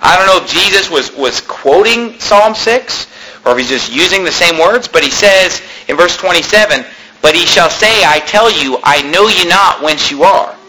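A man delivering a sermon, his bright, somewhat high voice pushing hard on key words and then dropping low and quiet. He reads old-fashioned scripture aloud and slips into chatty asides. A faint hiss sits under the recording. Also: expressive, moderate pace, low-quality recording. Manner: emphatic, swings between loud and hushed; quotes King James scripture aloud. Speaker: preacher.

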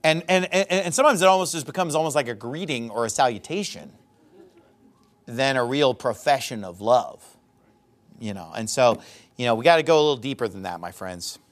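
A man preaching a sermon, quoting scripture in old wording and explaining it with lively asides. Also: medium pitch, a little fast. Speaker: pastor.

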